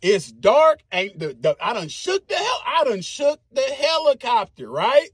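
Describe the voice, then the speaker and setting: A man, telling a story casually in a very high, husky voice. He talks in an animated, profane way and makes his own sound effects. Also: unhurried, dry recording.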